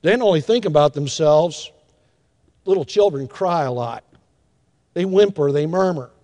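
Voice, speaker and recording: An older man preaching a sermon as pastor, animated, acting out little scenes with hushed asides and drawn-out emphasis. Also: a little high. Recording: long hall reverb.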